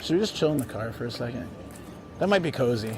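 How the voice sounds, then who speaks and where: He talks fast and animatedly in a medium-pitched voice, addressing viewers directly during a casual, rambling travel live stream. He's out on city streets, then in a parked car, with music under his voice and background noise around him.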